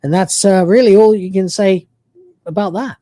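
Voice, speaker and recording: A male podcast host in casual chat, rambling through his points with plenty of fillers. His voice is mellow and darkish, recorded dry and close. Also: high-pitched, moderate pace, dry recording. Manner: rambling with many fillers, acts out quoted lines.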